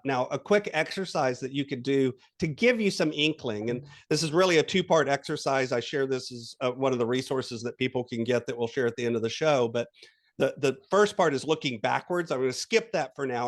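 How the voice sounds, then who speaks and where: In a podcast interview, a male guest coach with a mid-range voice guides the listener through an exercise using animated storytelling and quoted voices.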